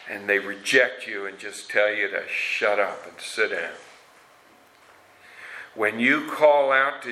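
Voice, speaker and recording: A man's voice: mid-range voice, sharp tone, rough recording. A man preaching a sermon, retelling scripture stories in an earnest way with casual asides. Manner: slow, earnest storytelling with asides.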